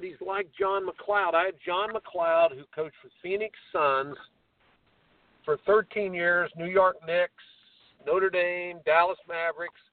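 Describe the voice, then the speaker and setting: A man in his seventies, a tennis coach, telling a lively story on a radio talk show and acting out the quoted voices. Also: sits high, dry recording. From American Midwest. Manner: animated storyteller, acts out quoted voices, laughs. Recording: tinny phone line, distant.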